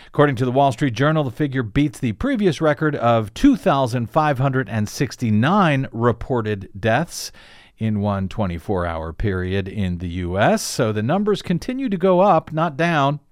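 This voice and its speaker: A man's voice: medium pitch, no room sound, studio quality. Sarcastic man reading political news. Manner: sarcastic, editorializing. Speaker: political talk show host. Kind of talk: news commentary.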